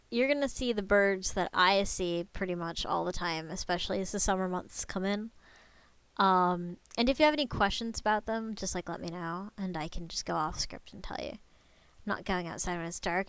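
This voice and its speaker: A woman's voice: medium pitch, moderate pace, a bit bright, clear, resonant tone, no room sound. A woman in her twenties giving a casual live-stream lecture, chatting with viewers and swearing freely.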